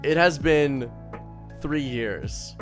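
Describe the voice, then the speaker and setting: Casual host, mid-pitched, cursing and joking, soft music bed. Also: extremely slow. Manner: swearing, joking, animated. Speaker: host of a tabletop game show. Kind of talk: casual chat and Q&A.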